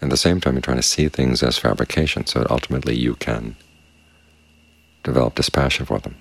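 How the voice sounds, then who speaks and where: Very deep gravelly calm meditation teacher. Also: male voice. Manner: calm, measured, unhurried. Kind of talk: dharma talk. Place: quiet meditation space with crickets outside.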